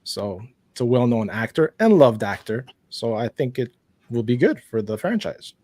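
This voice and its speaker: A man's voice: normal speed, no room sound. A man who is a guest on a casual podcast, telling a story expressively. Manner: expressive storyteller, swings his pitch widely.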